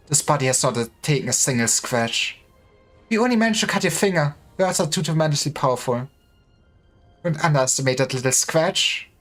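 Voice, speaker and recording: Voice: medium pitch, a bit bright. A streamer reading a game story aloud dramatically, voicing each character in turn.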